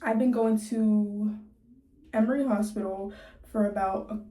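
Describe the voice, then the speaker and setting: A woman's voice: medium pitch, fairly even intonation, measured pace, warm tone, recorded from a distance. A nineteen-year-old woman telling a story casually to her viewers, chatty and laughing often, with a sore jaw from recent surgery. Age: young adult, 19. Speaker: vlogger. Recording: echoey room.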